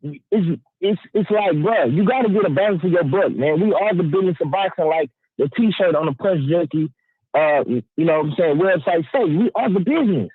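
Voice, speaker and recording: A man with a high voice ranting hard over a tinny phone line. He talks emphatically and swears freely, stumbling into repeated restarts as he pushes his point. The sound is dry and close, with no room around it. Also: lively intonation, normal speed, husky, dry recording. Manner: emphatic, profane, stammering restarts, keeps asking "you know what I'm saying". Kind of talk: heated opinion rant.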